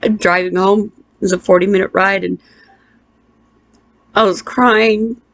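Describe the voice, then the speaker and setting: A middle-aged woman tells a painful personal story, halting and emotional, with restarts and pauses. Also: mid-range voice, fairly even intonation, dry recording. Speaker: interviewee.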